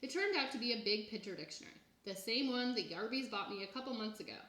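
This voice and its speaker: A woman reads a children's chapter book aloud in an even, plain storytelling manner. Her voice sits a little high. The room adds a noticeable echo. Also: fast. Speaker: reader. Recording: echoey room.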